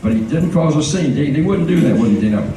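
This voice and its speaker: A man's voice: on the high side, expressive, fast talker, dark tone. Older man telling stories in an echoey hall. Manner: rambling, keeps clearing his throat. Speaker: guest storyteller at a fan reunion. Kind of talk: anecdotal storytelling to a live audience. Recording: echoey hall from far off, faint noise.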